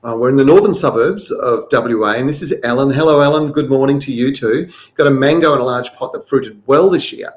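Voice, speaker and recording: A man's voice: mid-range voice, brisk, hardly any pauses. A middle-aged man, hosting a live gardening show. He reads viewers' questions aloud and then gives practical advice.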